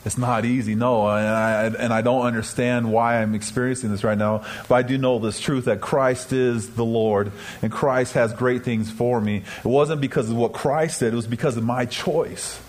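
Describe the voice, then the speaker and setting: A man's voice: mid-range voice, fairly even intonation, normal speed, hardly any pauses, poor audio. A man telling his own story as a testimony to an audience, earnest and confessional, speaking straight to his listeners. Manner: acts out his own and others' words in dialogue. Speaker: speaker giving a personal testimony.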